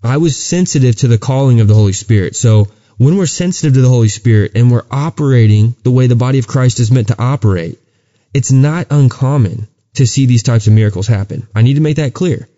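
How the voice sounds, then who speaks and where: Earnest man telling a faith story, dark voice. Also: mid-range voice, a little fast, highs cut off. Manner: earnest storytelling with many restarts. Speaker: podcast co-host. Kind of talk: casual chat and testimony.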